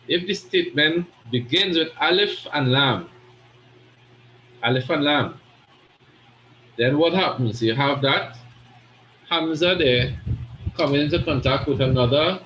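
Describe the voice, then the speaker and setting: A man's voice: medium pitch, a bit bright, reverberant, a little hiss or hum, poor audio. A man teaching an Arabic grammar class, patiently explaining and often checking understanding with "right?".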